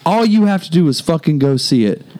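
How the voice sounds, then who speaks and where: An American man on a podcast launches into an emphatic, profane rant. His pitch swings widely as he hammers his points home. He talks like a regular co-host. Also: lively intonation, brisk, warm tone. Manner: heated, swearing, emphatic.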